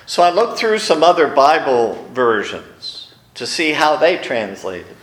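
A man's voice: fairly high pitch, expressive, a little slow, echoey room. A male pastor preaching a sermon, telling stories and acting out the quoted lines. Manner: storytelling, acts out quotes with raised voice. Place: church sanctuary.

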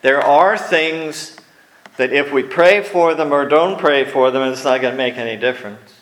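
A man preaching a sermon, telling wry personal stories and slipping into quiet asides, recorded in a church hall. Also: a little high, normal speed. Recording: echoey room.

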